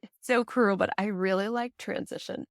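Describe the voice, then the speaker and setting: A woman guest in a casual interview, chatty and quick to laugh, often acting out the voices of people she quotes. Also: mid-range voice, fairly even intonation, vocal fry, no echo, studio quality. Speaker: prenatal yoga teacher and doula, guest.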